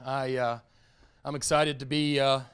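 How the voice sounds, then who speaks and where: A stand-up comedian from North Alabama with an Alabama Southern accent, drawling and self-deprecating, working a live audience on stage. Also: male voice, mid-range voice, flat delivery, measured pace, a bit bright, smooth.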